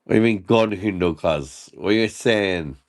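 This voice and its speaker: Drinking and cracking jokes, this livestream host keeps things casual, reading out viewer comments and laughing frequently. His voice is lowish and his pace moderate.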